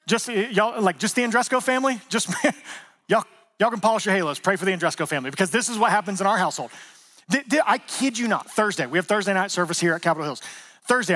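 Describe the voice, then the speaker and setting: Joking with his congregation and acting out quotes, a high-pitched man in his thirties delivers a sermon as pastor. His preaching is animated and conversational.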